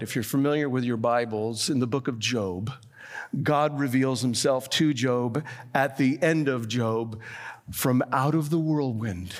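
Animated male preacher in a reverberant hall. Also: medium pitch, unhurried. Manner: animated, swings between hushed and emphatic. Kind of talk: sermon.

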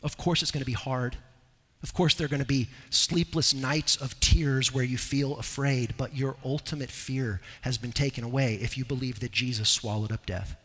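A man preaching an expository sermon as pastor, moving between loud, urgent exhortation and low, quiet earnestness. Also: fairly even intonation, normal speed, long reverb tail. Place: church sanctuary.

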